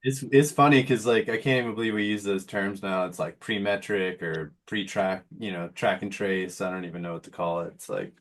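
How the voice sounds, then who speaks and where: A man joining a casual chat over a video call, talking in a laid-back, slangy way. His voice sits on the low side. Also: fairly even intonation, fairly quick, hardly any pauses. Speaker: guest.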